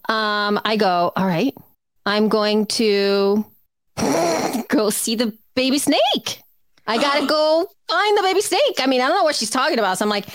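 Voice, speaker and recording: A woman's voice: a little high, no room sound, clean studio sound. A woman in her thirties, co-hosting a casual chat, telling a story with many fillers and restarts. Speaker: podcast co-host.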